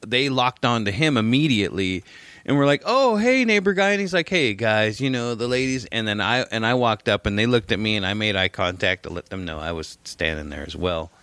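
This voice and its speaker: Animated man telling a story. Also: on the low side, brisk, clear, resonant tone, no room sound. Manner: animated storytelling, swearing, mimics others. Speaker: podcast co-host. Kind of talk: casual chat.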